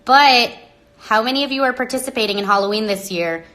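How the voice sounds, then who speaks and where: A woman hosting a live stream into her phone, talking dramatically and with exasperation, swinging between loud outbursts and hushed asides. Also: fairly high pitch, a little fast. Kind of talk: rambling live-stream monologue.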